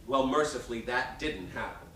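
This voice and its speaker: A man in his fifties performing a one-man show, telling stories in an animated, self-mocking way. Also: medium pitch, normal speed, a little hiss or hum. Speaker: stage performer. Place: theater stage. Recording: roomy live stage sound from a distance.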